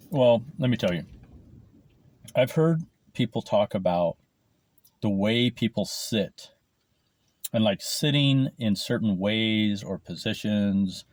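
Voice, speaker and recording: Eating lunch on camera, a man chats in a rambling, casual way and curses often. His voice is lowish and darkish in tone, picked up by the camera mic rather than his clip-on, with no room sound.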